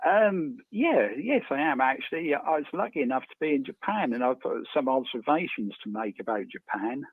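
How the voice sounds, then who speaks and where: A man calling in by phone, talking in a hesitant, halting way. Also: medium pitch, expressive, slightly rough, dry recording. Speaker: caller. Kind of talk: phone-in call. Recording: tinny dry phone line.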